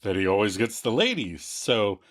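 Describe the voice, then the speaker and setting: A man co-hosting a podcast, recapping episodes in animated storytelling and slipping into character voices for quotes. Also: lowish voice, moderate pace. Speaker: podcast co-host.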